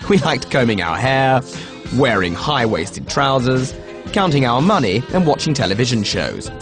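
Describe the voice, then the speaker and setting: A man's voice: medium pitch, very animated, moderate pace, over music. A man narrating a comic mock-documentary in a smug, boastful manner.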